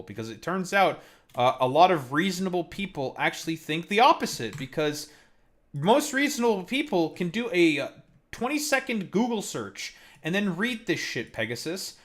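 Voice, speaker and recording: A man's voice: on the high side, expressive, brisk, fairly bright tone. A man hosting a live stream, ranting heatedly and mockingly as he reacts to a clip, swearing constantly. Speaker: streamer host.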